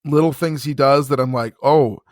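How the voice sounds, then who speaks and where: A man's voice: medium pitch, normal speed, no echo, studio quality. A man co-hosting a casual podcast, telling stories in a frank, profane way. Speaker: podcast co-host.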